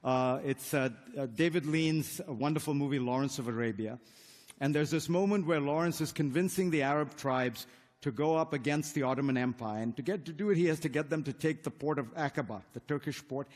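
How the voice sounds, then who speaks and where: A man's voice: a little high, a little fast, darkish tone. A man who grew up in India, arguing earnestly in a formal debate before a live audience, stacking points into rhetorical lists. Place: large hall with a live audience. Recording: echoey hall.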